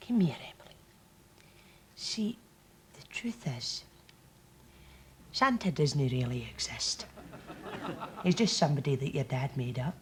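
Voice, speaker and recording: A woman's voice: sits low, darkish tone, slight background noise. A creepy, syrupy Scottish lady. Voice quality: syrupy, wheedling, drawn-out sweetness. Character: creepy woman luring a little girl with treats. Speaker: sketch comedy actor. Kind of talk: TV sketch comedy acting.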